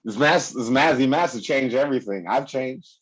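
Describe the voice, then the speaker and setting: A man's voice: mid-range voice, normal speed, fairly bright tone, slightly rough, low-quality recording. A man performing a stand-up comedy set on a club stage, rambling with lots of fillers and laughing at his own jokes. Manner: rambling, filler-heavy delivery.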